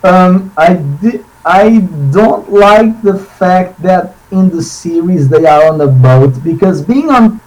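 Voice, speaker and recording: A man chatting casually on a podcast, excitable and rambling, with many restarts and tangents. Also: high-pitched, takes it slowly, few pauses, rough recording. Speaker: podcast co-host.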